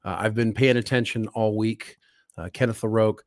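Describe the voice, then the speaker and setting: Hoarse low-voiced man co-hosting a stream. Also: steady tone, a little fast, dry recording, clean studio sound. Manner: joking, laid-back. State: hoarse from illness. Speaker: podcast co-host. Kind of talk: casual live-stream chat.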